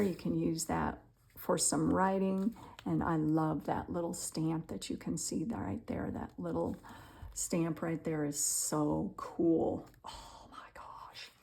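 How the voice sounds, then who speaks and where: Slow, gravelly woman gushing over crafts. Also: on the low side, darkish tone. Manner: gushing, admiring; unhurried, with fillers. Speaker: junk journal maker. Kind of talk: craft flip-through narration.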